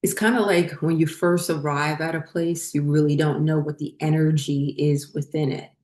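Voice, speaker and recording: Woman, very low voice, rambling storytelling, echoey room. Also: fairly even intonation, normal speed, a little mellow. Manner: rambling, many fillers and restarts. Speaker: spiritual channel host. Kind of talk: casual personal storytelling.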